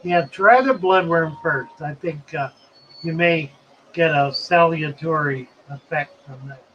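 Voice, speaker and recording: A man's voice: on the high side, unhurried, lo-fi sound, a little hiss or hum. A man hosting a live stream in a casual, chatty way, reading viewer comments aloud and musing as he goes.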